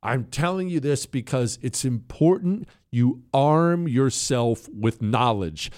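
A man hosting a political talk radio show, combative and mocking, with sarcastic jabs and punchy emphasis. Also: takes it slowly. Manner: lively pitch swings, stressing words.

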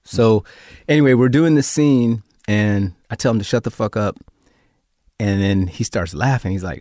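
A man's voice: mid-range voice, normal speed, dry recording. A man telling a story in a casual interview, acting out other people's lines with lots of swearing. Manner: animated storyteller acting out quoted voices, frequent profanity. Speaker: actor, guest.

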